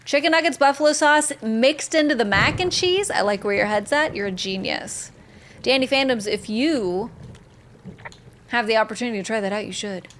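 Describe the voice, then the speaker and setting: A woman with a fairly high voice, streaming a game live. She chats in an excitable, loose way, reacting to viewers and reading their messages aloud. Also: moderate pace, slight background noise. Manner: chatty, reads chat aloud, excitable. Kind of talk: live gameplay commentary.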